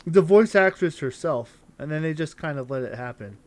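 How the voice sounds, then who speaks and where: Pitched fairly high and animated at a normal speed, this young man provides live gameplay commentary while streaming. He talks to his viewers and reads chat, thinking aloud throughout his play.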